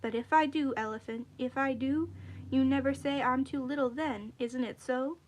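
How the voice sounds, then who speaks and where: A woman's voice: high voice, normal speed, highs cut off, a little hiss or hum, natural voice. A woman voicing a small, boastful male rabbit trickster who talks in a folksy, wheedling way. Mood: cocky. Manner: folksy dialect, wheedling and cocky.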